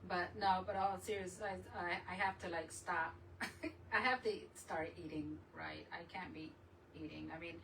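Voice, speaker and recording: A woman's voice: on the low side, steady tone, normal speed, gravelly, fairly bright tone, far from the mic, a little hiss or hum, poor audio. A woman hosting a crafting channel, chatting casually and rambling as she works, often laughing. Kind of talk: casual live chat while crafting.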